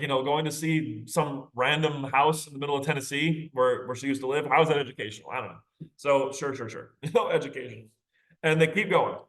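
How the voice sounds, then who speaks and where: A man's voice: mid-range voice, a bit bright, poor audio. A man teaching a literature class, reading passages aloud and discussing them casually, with frequent rhetorical questions and tag questions.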